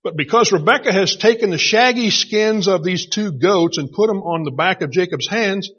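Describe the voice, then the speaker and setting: Husky, bright-voiced male preacher. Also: sits high, normal speed. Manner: conversational storytelling, animated retelling. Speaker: pastor. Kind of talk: sermon. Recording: dull lo-fi recording.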